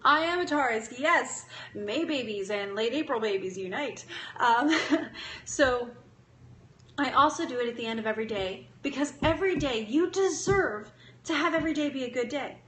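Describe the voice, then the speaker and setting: A woman's voice: sits high, expressive, moderate pace, fairly bright tone. A young adult woman hosting a casual live stream, talking in an upbeat, encouraging way, chatting with viewers and laughing often. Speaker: live-stream host giving daily affirmations. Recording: echoey room with faint ambient noise.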